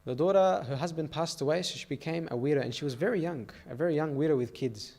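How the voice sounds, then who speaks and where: A man's voice: on the high side, quick pace, vocal fry, darkish tone. A man giving a sermon to a youth meeting in a church, telling stories and often checking in with "okay?" and "all right?".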